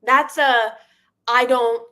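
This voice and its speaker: A young woman co-hosting a live chat show over a video call, chatty, self-deprecating and quick to laugh. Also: a little high, fairly even intonation, bright, forceful tone. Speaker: co-host. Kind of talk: casual live-stream chat.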